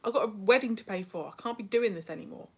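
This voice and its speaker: A woman's voice: mid-range voice, fast, darkish tone, husky. A young British woman hosting a casual livestream, reading chat and talking with self-deprecating asides. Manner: chatty, self-deprecating, drifts into whispers.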